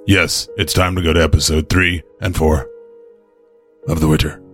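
A podcast host putting on a slow, booming, mock-epic voice as a deep-voiced hero who introduces the episode. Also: male voice, level tone, soft background music. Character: mock-heroic deep movie-trailer man.

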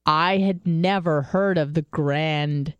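A woman's voice: deep voice, slow, smooth, dry recording, highs cut off. A woman hosting a podcast, telling rambling, profane stories in casual chat. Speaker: podcast host.

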